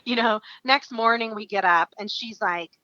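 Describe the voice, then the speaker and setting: A woman's voice: on the high side, moderate pace, no room sound, muffled recording. A woman from Alaska, a podcast guest, telling a story casually, acting out what others said and laughing often. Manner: animated, acts out quoted voices, laughs often.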